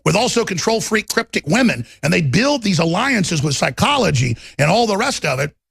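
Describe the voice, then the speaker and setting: A man giving a fervent, combative political rant in a gravelly voice. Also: high voice, big pitch swings, moderate pace, fairly bright tone, dry recording. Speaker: political commentator.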